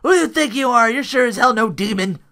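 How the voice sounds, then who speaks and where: A man puts on a cocky male wrestling champion who boasts and taunts in loud trash talk. The voice pitches up high and bright. It swings wide as he gloats. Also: animated, brisk. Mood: taunting.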